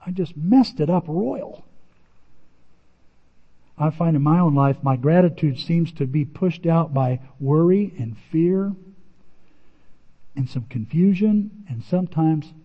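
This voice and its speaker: A man preaching a sermon in a conversational, animated way, his voice rising for emphasis. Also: a little high, slow pace, long pauses. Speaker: pastor. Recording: muffled sound in a reverberant hall.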